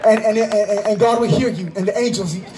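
A man giving an impassioned religious testimony outdoors in a park, often breaking into shouts and repeating himself for emphasis. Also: high-pitched, brisk, background noise.

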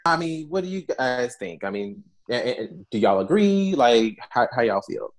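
Low-pitched woman co-host, playful and incredulous, swoops up and down. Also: expressive, moderate pace, few pauses. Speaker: podcast co-host. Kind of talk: casual chat.

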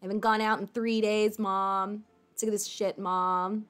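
A woman's voice: mid-range voice, flat delivery, a little slow, a bit bright, clean tone, close to an everyday voice. A woman voicing her pet dog as a whiny, demanding, chunky eight-year-old brat of a boy.

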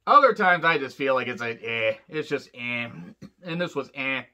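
A man's voice: medium pitch, animated, normal speed, sharp tone. A man giving a casual, profane, sarcastic rant reviewing a show, rambling loosely as he talks. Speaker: wrestling reviewer. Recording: dull lo-fi sound.

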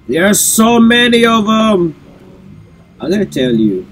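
With soft music in the background, a gameplay video host talks in a high, sing-song, fairly bright voice at an unhurried pace. He's sneezy and congested, sneezing often and apologizing while he casually narrates his gameplay and addresses his viewers.

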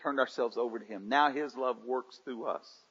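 This pastor's mid-range voice is a bit bright and slightly rough, and he preaches at a normal speed, surging and easing in intensity while urging his congregation to respond. It comes from a dull livestream recorded in a reverberant church sanctuary.

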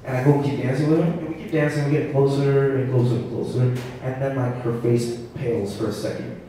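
A male stand-up comedian telling an animated, self-mocking story live at a comedy venue. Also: mid-range voice, brisk, slight background noise. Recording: echoey room heard from a distance.

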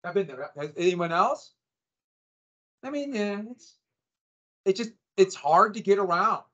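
A man's voice: high voice, expressive, a little slow, bright, forceful tone. A middle-aged man teaching a class in a conversational lecture style, with wry sarcastic asides. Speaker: high school history teacher. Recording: dull lo-fi classroom recording.

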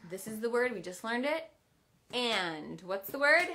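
Bright, lively kindergarten teacher woman. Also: fairly high pitch, measured pace, slight background noise. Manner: animated, sing-song teacher voice with cheers. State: out of breath. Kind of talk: online class for young children. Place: home.

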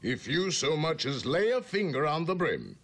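Santa Claus, scolding sternly. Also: male voice, fairly high pitch, huge pitch swings, fairly bright tone, full character voice. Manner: stern, scolding, slow and deliberate. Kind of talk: vintage animated TV special. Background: music score.

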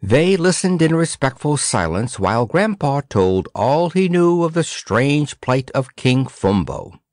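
A man narrating a children's storybook aloud in an expressive storytelling manner. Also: mid-range voice, measured pace, dry recording, studio quality. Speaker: audiobook narrator.

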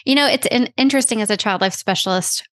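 A woman's voice: a little high, fast talker, fairly bright tone, no room sound, studio quality. A woman with a Texan accent, a guest explaining her profession in a casual interview, with frequent ums. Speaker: child life specialist guest.

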